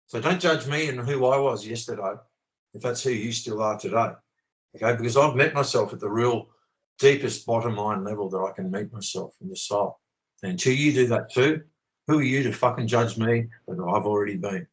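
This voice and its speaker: On a video call, a man hosting a channel delivers a heated conversational rant, cursing frequently and preaching his opinions with passion. He speaks fairly quickly in a medium-pitched voice, and the recording is rough.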